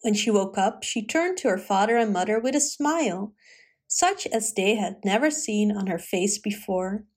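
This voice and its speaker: A woman reading a fairy tale aloud in a gentle, expressive storytelling manner. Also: medium pitch, moderate pace.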